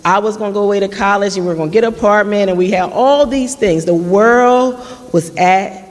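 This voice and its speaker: Speaking a little fast in a mid-range voice, a person in their late thirties gives heartfelt testimony at a community forum. They reconstruct past dialogue in their own words, recorded with the long reverb of a church hall.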